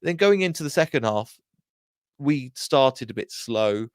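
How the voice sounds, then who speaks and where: A man's voice: mid-range voice, expressive, a little slow, dry recording, studio quality. Rambling man reviewing a football match. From England. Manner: rambling, with many restarts and acted-out quotes. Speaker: football fan channel host. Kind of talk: casual solo match review.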